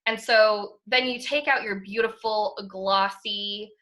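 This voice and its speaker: A young woman co-hosts a podcast, chatting with real enthusiasm, her speech packed with fillers and the occasional swear word. Her voice sits at medium pitch, steady and slow, with a bright, forceful tone. It's casual chat.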